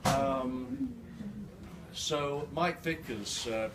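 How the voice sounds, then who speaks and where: An older man speaking to a live audience, halting with many restarts, his words slightly slurred by a new denture. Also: on the high side, sing-song. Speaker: guest speaker. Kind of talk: live storytelling talk. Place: event hall with an audience. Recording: distant mic in a noisy room.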